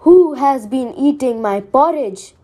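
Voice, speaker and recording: A woman voicing a gruff father bear in a storybook reading, growling his words. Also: sits high, expressive, slow, dark tone, heavily acted.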